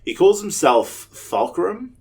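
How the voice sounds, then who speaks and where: A man's voice: high voice, takes it slowly, vocal fry. A young Australian man telling a rambling, profane story on a casual podcast. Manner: rambling and profane, with loud animated quoted voices. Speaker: podcast co-host.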